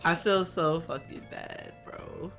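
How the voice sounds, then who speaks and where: A young man in casual live game commentary, swearing a lot, his pitch jumping up when flustered. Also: wildly swooping pitch, takes it slowly, gravelly, fairly bright tone, faint music behind. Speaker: game streamer.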